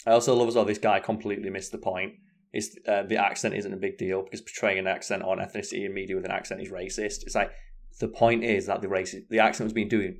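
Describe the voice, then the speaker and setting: A man's voice: low-pitched, little pitch movement, quick pace. A man co-hosting a stream in casual chat, blunt and swearing often.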